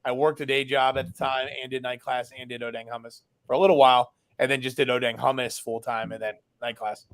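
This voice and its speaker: A man's voice: mid-range voice, little pitch movement, fast talker. A man, a business founder and guest, telling a story casually and animatedly, acting out dialogue with lots of fillers.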